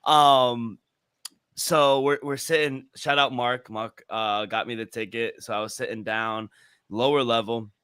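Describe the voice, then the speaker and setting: A man's voice: medium pitch, fairly even intonation, unhurried, pushed and bright, clean tone, no room sound. A man co-hosting a sports betting podcast, telling a rambling, profane story in casual chat. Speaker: podcast co-host.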